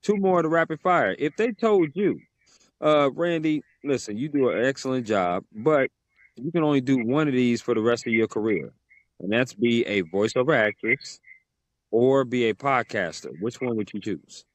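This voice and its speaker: A man's voice: medium pitch, animated, moderate pace, no echo. A man hosting a podcast interview, talking casually and with enthusiasm. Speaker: podcast host.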